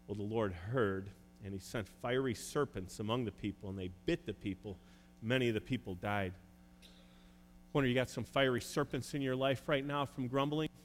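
A man preaching a sermon as a pastor, earnest and pausing often with "uh" as he urges listeners to repent. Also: medium pitch. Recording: echoey hall with faint hum.

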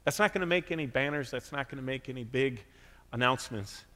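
Animated preacher in a big echoing hall. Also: male voice, fast. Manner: animated, acts out quotes with big pitch jumps. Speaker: pastor. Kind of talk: sermon. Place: church sanctuary. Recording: reverberant church hall.

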